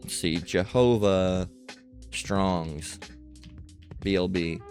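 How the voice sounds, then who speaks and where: A man's voice: low voice, extremely slow, a little mellow, faint music behind. A man leading a screen-share Bible study lesson, talking emphatically and checking in with "all right?" and "okay?". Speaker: Bible teacher.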